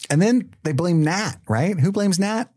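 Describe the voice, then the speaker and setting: A man co-hosting a casual podcast chat, animated and quick to laugh. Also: no echo, studio quality. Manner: animated, quick to laugh, swings pitch widely. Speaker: podcast co-host.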